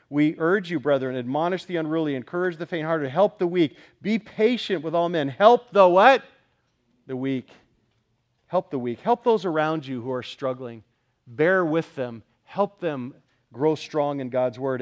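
A man preaching a sermon to a congregation, emphatic and questioning, rising at times to shouts. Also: fairly high pitch. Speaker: pastor.

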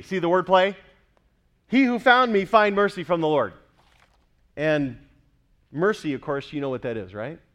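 A man's voice: medium pitch, a bit bright. A man preaching a sermon with emphasis, often putting questions to the congregation. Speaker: pastor.

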